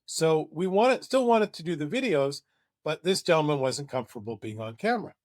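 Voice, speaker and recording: A man's voice: fairly high pitch, animated, brisk, dry recording, studio quality. A man presenting a marketing webinar, talking in an enthusiastic, conversational way.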